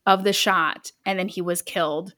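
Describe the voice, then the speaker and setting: A woman co-hosting a podcast, casually retelling a story with chatty asides and quick self-corrections. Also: on the low side, steady tone, sharp tone. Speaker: podcast co-host.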